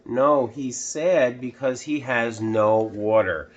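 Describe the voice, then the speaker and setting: Slow storytime reader, a man. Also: medium pitch, dull audio, noisy background. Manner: slow, asks the listener questions. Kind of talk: reading a picture book aloud to children.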